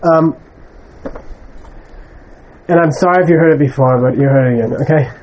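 A man with a slightly higher-than-usual voice lectures students in a conversational way. He is emphatic and blunt as he brushes aside wrong ideas. He keeps checking in with his listeners with a quick "okay?". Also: darkish tone, highs cut off, a little hiss or hum. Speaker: Buddhist teacher.

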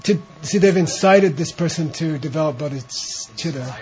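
A man leading a translation class, talking slowly and relaxed while he coaches pronunciation. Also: fairly high pitch, soft background music. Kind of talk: informal class talk with chanted reading. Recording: dull lo-fi classroom recording.

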